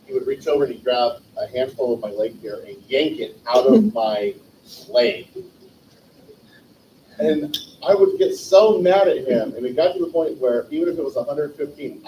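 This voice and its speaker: A man's voice: medium pitch, warm tone. Man telling stories from a distant mic. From California. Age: 40s. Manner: rambling anecdotes with self-corrections. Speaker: eulogy speaker. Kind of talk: livestreamed memorial storytelling. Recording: distant mic, roomy echo, faint noise.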